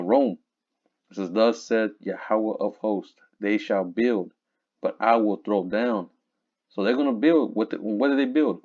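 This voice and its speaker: A man teaching from scripture in a casual, conversational way, reading verses slowly and looking up words aloud. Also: on the low side, darkish tone. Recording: dull lo-fi recording.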